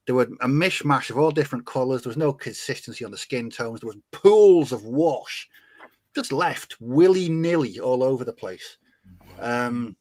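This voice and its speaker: A man's voice: mid-range voice, a bit bright, no room sound. A man chatting casually on a hobby podcast, talking down his own work and rambling with restarts. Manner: self-deprecating, rambling with restarts. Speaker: podcast co-host. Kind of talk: casual chat.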